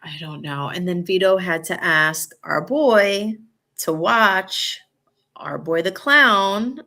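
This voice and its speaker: A woman's voice: lowish voice, expressive, takes it slowly, pushed and bright. A woman co-hosting a chat show, chatty and agreeable, laughing often as she talks. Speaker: co-host. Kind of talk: casual chat.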